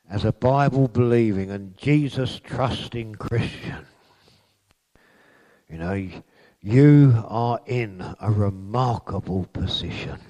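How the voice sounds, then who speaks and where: A man preaching at an unhurried, deliberate pace. He lifts his voice into emphatic swells on repeated phrases, then drops back to a quiet, earnest tone. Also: on the low side. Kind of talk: sermon.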